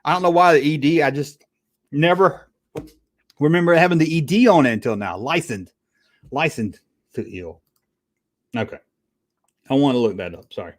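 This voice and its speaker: A man's voice: fairly high pitch, moderate pace, long pauses. A man hosting a live stream, rambling casually and reacting to chat with stammered restarts and casual swearing.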